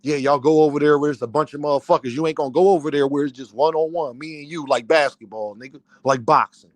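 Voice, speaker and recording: A man's voice: fairly high pitch, fast talker, dry recording. Angry, foul-mouthed man ranting. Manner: angry, profane and heated. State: worked up and fuming. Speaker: boxing content creator. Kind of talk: livestream rant.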